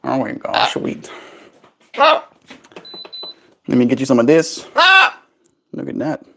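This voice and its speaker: A man's voice: medium pitch, big pitch swings, slow pace, vocal fry, noisy background. Man cooing baby talk to a pet bird. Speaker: streamer. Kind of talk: casual chat with a pet bird.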